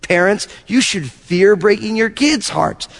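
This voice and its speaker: A man pastor preaching a sermon, telling animated stories and acting out little asides to his congregation. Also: high-pitched, unhurried, vocal fry, big-room sound. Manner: animated storytelling with acted-out asides.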